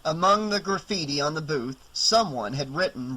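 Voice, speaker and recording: A man reading a horror novel aloud as audiobook narrator, in a steady, even reading voice. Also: fairly high pitch, moderate pace, rough recording. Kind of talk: scripted narration.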